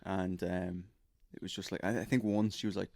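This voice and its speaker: A man co-hosting a podcast, chatting crudely and haltingly, with many "like"s. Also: sits low, level tone, a little mellow, no echo, studio quality. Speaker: podcast co-host. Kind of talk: casual comedic chat.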